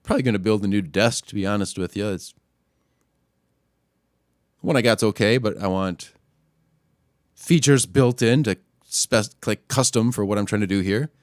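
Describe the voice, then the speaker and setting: A man hosting a podcast, ranting casually and crudely, often pushing his voice louder and higher when worked up. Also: normal speed, long pauses, no room sound, studio quality. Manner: profane, crude trolling rant. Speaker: podcast host. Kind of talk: casual solo rant.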